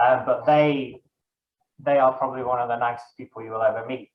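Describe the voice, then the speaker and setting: A young man talks casually as an interview guest, rambling and correcting himself as he goes. The room around him is echoey, and the sound is a bit dull and lo-fi. His pitch sits in an ordinary middle range. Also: steady tone, brisk. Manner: rambling, self-correcting, many fillers. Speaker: guest, dungeon master.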